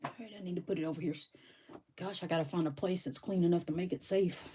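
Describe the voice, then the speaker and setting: Talking fast in a lowish voice over a noisy background, a sniffly woman unboxes rocks on a live stream, her phone propped on a stand in her bedroom. She's chatty and replies to viewers by name while sniffling from sneezes.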